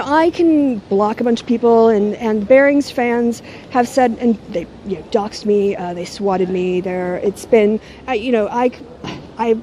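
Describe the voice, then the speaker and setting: A middle-aged woman vlogs to a handheld camera held at arm's length, her delivery mocking and sardonic. Her voice sits a little high with a mellow, warm tone. Faint noise hums behind her. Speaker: YouTuber. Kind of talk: casual talking-head vlog.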